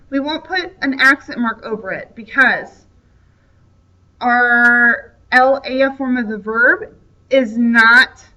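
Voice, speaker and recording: A woman's voice: a little high, pushed and bright. A woman teaching a Spanish grammar lesson, patiently explaining and checking in with frequent "okay?". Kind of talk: classroom grammar lecture. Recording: dull distant lo-fi recording.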